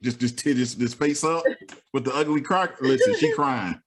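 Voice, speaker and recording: A man chatting casually as a guest, telling animated stories, acting out quotes and laughing often. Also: fairly high pitch, moderate pace. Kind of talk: casual chat.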